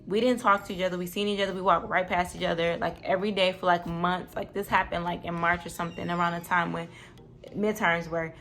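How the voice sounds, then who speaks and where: A young woman tells a story on her vlog at a quick clip. She talks casually, swears freely and acts out the lines of the people in her story. Faint music plays underneath. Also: on the low side, fairly even intonation, a bit bright. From Detroit. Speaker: vlogger.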